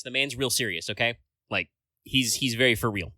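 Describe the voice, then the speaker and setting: Rambling man with a sharp, forceful voice. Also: mid-range voice, normal speed, no echo. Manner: rambling, full of filler words and casual swearing. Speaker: podcast co-host. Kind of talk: casual podcast chat.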